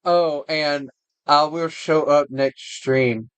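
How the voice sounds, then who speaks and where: A man's voice: a little high, fairly even intonation, slow, clear, resonant tone, no room sound. A man streaming games, chatting casually in a playful, teasing way. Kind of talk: casual chat.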